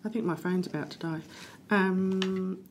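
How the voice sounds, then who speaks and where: A woman's voice: medium pitch, fairly even intonation, darkish tone, slight background noise. A woman co-hosting a podcast, chatting casually with a wry, conversational manner. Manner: conversational, wry, lists things off briskly. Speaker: podcast co-host. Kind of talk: casual chat.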